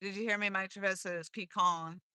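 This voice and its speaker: Woman hosting a live stream on a dock, bright voice, dry close sound, chatty and jokey. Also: mid-range voice, steady tone, moderate pace, clean tone, no room sound. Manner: chatty, reads viewer comments aloud, playful wordplay. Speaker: livestream host. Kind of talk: casual live chat. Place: outdoors on a lake dock.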